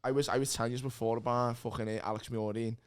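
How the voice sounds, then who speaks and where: A man's voice: medium pitch, little pitch movement, quick pace, smooth. A man with a Liverpool accent, a guest comedian telling stories in casual chat, laughing and swearing as he goes.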